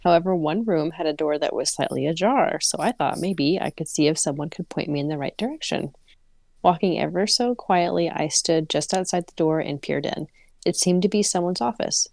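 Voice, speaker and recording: Low gravelly woman reading aloud. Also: darkish tone, dry recording. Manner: reads prose evenly, breaks off laughing and joking. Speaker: podcast co-host reading a story aloud. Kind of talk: casual read-aloud with chat.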